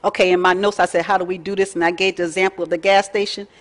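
A woman, teaching a faith lesson in a folksy, chatty way with lively asides. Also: on the low side, rapid-fire. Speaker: Bible study teacher. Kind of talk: casual teaching talk.

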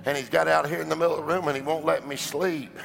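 A man preaching in a large church, his voice rough and gravelly. He tells a story and climbs to a fervent shout. Music plays clearly behind him. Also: on the high side, fairly even intonation, quick pace. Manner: storytelling, builds to shouting climax. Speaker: pastor. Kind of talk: sermon.

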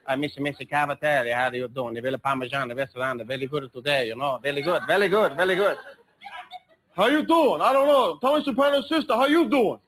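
A man doing stand-up, switching quickly between comic accent impressions. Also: on the high side, a bit bright, pitched above the performer's own voice, close to an everyday voice, poor audio. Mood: jokey. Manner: rapid switches between put-on voices, jokey. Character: string of comic accent caricatures, male. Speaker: comedian.

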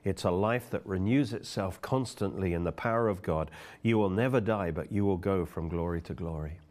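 A man's voice: sits low, moderate pace, a little mellow. A middle-aged man preaching a sermon, fervently reading and explaining scripture.

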